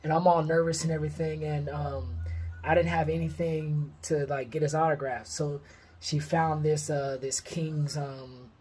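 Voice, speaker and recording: A man's voice: a little high, normal speed, slight background noise. Rambling storyteller man from California. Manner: rambling, heavy on fillers, lively when quoting others. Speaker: vlogger. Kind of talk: casual personal storytelling.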